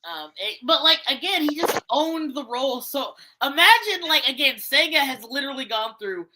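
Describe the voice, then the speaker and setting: A woman in casual chat about voice casting, blunt and profane, talking with animated energy. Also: high voice, normal speed, noisy background. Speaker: podcast co-host.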